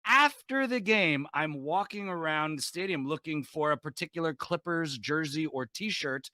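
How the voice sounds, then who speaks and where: Comedian guy on a video call, bright sharp voice, brash punchy storytelling, dry sound. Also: a little high, moderate pace, no room sound. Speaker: comedian guest. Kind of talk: animated comic storytelling.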